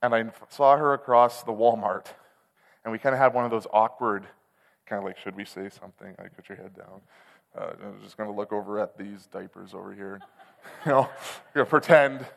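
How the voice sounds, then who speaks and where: A man with a medium-pitched voice preaches a sermon, telling a personal story in a candid, conversational tone that builds into loud, passionate outbursts. The recording has a long hall reverb.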